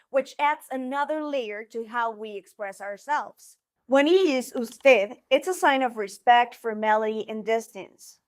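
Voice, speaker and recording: A woman's voice: sits high, dry recording, clean studio sound. A woman hosting a language lesson, explaining in an enthusiastic, conversational scripted style with a few words in Spanish mixed in. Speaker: Spanish teacher and video host.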